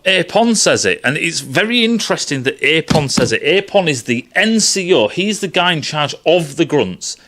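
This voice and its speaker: Animated, swearing man breaking down a film. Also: fairly high pitch. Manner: profane, rambling and animated. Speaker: film commentator. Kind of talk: casual film analysis.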